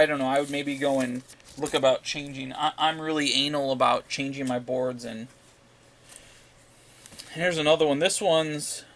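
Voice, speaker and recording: A man's voice: a little high, a bit bright. A man rambling casually in a comic book vlog, ranting and swearing as he shows his new pickups. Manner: ranting, profane, repeats himself.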